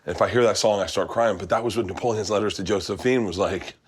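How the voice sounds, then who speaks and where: A man hosting a casual cooking chat, telling stories loudly and laughing often. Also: on the low side, fast talker, breathy edge. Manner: loud, laughing storyteller. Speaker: host.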